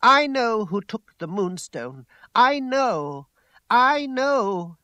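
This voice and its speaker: Brief: man doing a passionate young lady, raised pitch, lively and forceful, dry close read. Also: moderate pace, no room sound, muffled recording. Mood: distraught. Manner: higher, louder, emphatic delivery. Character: young woman, passionate and imperious.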